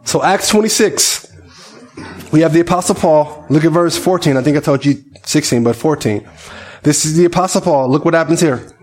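A man's voice: on the high side, normal speed, darkish tone. A male pastor preaching a conversational sermon, often asking his listeners questions.

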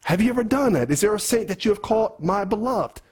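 Husky-voiced man preaching a sermon. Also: sits high, expressive, fast. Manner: earnest, preaching to the congregation with questions.

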